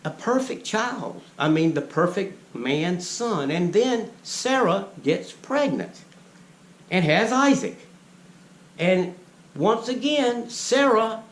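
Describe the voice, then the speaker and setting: Scolding man lecturing into the camera. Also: fairly high pitch. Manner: lecturing, scolding, asks the viewers rhetorical questions. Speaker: vlogger. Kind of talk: preachy monologue to camera. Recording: echoey room with faint ambient noise.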